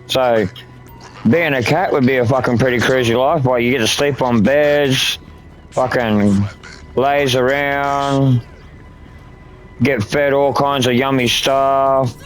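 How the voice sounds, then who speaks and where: A man's voice: medium pitch, fairly even intonation, slow pace, soft background music, poor audio. A man chatting casually while gaming, rambling and swearing a lot. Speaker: gaming streamer.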